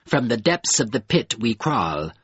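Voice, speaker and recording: A man voicing a fearful, pleading creature of living mud in an audiobook, with a cold, dusky, halting voice. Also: medium pitch, big pitch swings, fairly bright tone, breathy edge, no echo, muffled recording, exaggerated voice. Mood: mournful. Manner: halting, grave, faltering. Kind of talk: audiobook character voice.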